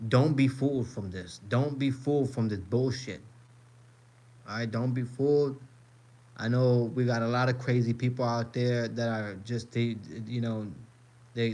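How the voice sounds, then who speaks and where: Male streamer with a mid-range voice, profane, repetitive, fired-up live reaction talk. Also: medium pitch. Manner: emphatic, repetitive, swears a lot, keeps addressing viewers.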